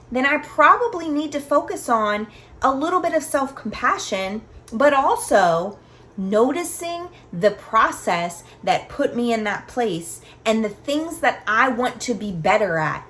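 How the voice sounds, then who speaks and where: Woman, thirties or forties, podcast host, earnest, candid, reflective solo talk, higher pitch. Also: a bit bright. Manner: earnest, candid, speaks in personal anecdotes.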